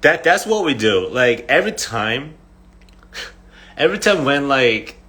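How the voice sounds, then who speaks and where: A man's voice: mid-range voice, very animated, measured pace, pushed and bright. A young man chatting casually to fans on a phone livestream, rambling through stories with lots of fillers and frequent laughs. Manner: rambling storyteller, heavy "like" fillers, laughs often.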